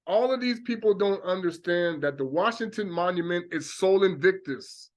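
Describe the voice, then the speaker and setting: A man's voice: sits high, expressive, moderate pace. A man preaching a religious monologue, talking animatedly and acting out reactions with exclamations. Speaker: religious teacher.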